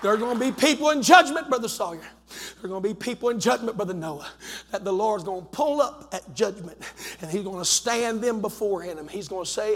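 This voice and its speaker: A man with a Southern accent preaching a fiery revival sermon as pastor, swinging between shouted warnings and low, quiet pleading. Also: expressive, brisk. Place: large church sanctuary. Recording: long hall reverb.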